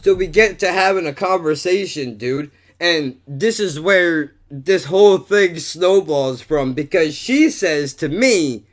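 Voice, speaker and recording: Dude on his podcast ranting, says bro a lot, kinda high voice, cusses nonstop. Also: animated, unhurried, hardly any pauses. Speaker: podcast host. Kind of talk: casual storytelling monologue.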